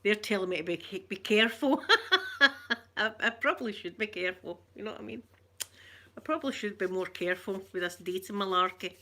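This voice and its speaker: An older Scottish woman chatting softly and affectionately in an ASMR vlog, rambling along and greeting viewers by name. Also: medium pitch, expressive, brisk. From Scotland. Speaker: ASMR vlogger.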